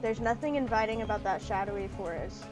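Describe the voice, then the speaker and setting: Over music and through poor audio, a woman with a mid-range voice talks a little fast while playing a dating sim on stream. She reads the game's story text aloud, chats playfully, and giggles often in this casual commentary.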